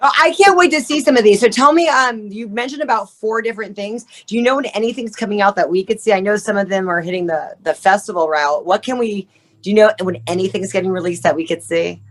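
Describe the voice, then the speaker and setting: A woman's voice: mid-range voice, fast. Eager woman host asking questions. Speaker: talk show host. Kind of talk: casual interview chat.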